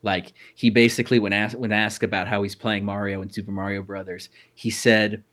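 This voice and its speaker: A man's voice: lowish voice, flat delivery, a little fast, few pauses, fairly bright tone. A man co-hosting a podcast in casual chat, rambling with frequent restarts and fillers. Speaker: podcast co-host.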